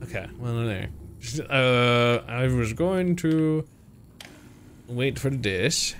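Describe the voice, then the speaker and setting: A man's voice: medium pitch, extremely slow, faint music behind. A young man streaming a game, chatting playfully to his viewers and to the creatures on screen. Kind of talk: casual gameplay commentary.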